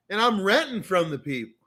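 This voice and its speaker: Speaking in a high, sharp voice, a Canadian-accented male streamer goes on a casual, swear-filled rant. He tells a long, meandering story with lots of animation.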